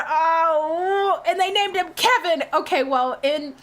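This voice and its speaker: A young woman streaming, reacting loudly with shrieks and swearing, then rambling casually about what she watched. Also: very high voice, takes it slowly, few pauses.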